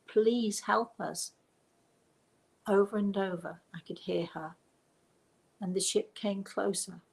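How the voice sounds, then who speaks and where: Slow, gravelly woman telling a story. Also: lowish voice. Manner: slow, deliberate and vividly descriptive, with pauses. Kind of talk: live storytelling.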